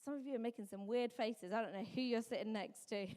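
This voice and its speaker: A woman's voice: a little high, fast, a little mellow. Chatty young woman preaching. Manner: chatty, self-mocking storytelling with many "like"s. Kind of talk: sermon. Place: church hall. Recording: long hall reverb.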